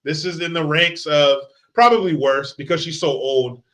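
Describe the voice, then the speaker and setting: A man's voice: fairly high pitch, moderate pace, fairly bright tone. A man ranting in a movie commentary, profane, sarcastic and heated. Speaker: movie reviewer.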